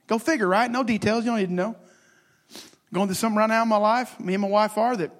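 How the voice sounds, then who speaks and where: High-pitched guy preaching, fired up then quiet, keeps restarting his sentences. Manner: impassioned, swinging between loud and hushed, halting restarts. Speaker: pastor. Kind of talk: sermon.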